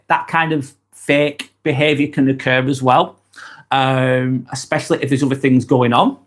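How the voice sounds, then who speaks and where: A man's voice: mid-range voice, fairly even intonation, normal speed. A man giving casual advice to camera, rambling and often repeating himself or restarting his sentences. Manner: uses mate in chatty address. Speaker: self-help video host.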